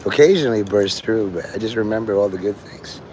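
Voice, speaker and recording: A man's voice: fairly low pitch, quick pace, darkish tone, a little hiss or hum. A man livestreaming outdoors on his phone, rambling to his chat and acting out the voices of people he quotes.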